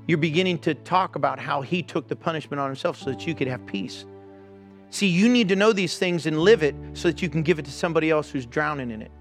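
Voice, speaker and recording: A man preaching a sermon as pastor, earnest and exhorting, speaking straight to his congregation. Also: on the high side. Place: church.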